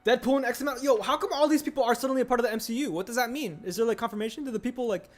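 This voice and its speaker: A man's voice: extremely high pitch, very fast. Rambling young male streamer. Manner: rambling, reads chat aloud and answers it. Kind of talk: casual livestream chat while building a set. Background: faint music.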